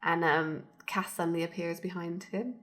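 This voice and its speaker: A woman's voice: fairly low pitch, fairly even intonation, normal speed, a bit bright. A woman co-hosting a podcast, casually recapping a TV episode and acting out lines from it. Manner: chatty, lots of fillers, acts out lines from the show. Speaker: podcast co-host.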